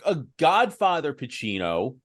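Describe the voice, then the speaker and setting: A man's voice: a little high, wildly swooping pitch, measured pace, a crowd in the background. A man co-hosting a casual film podcast, joking with frequent stammered restarts. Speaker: podcast co-host.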